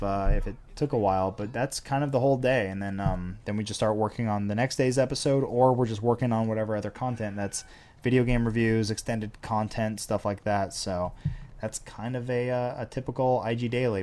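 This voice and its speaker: A man's voice: medium pitch, a little fast, a little mellow. A man hosting a casual Q&A, answering viewer questions in a dry, sarcastic way. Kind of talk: casual Q&A chat.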